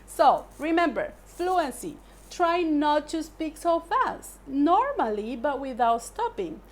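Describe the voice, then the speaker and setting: Woman english teacher, slow careful delivery, a bit high voice. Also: very animated. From Paraguay. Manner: measured, explanatory, asks "right?" often. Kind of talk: language lesson.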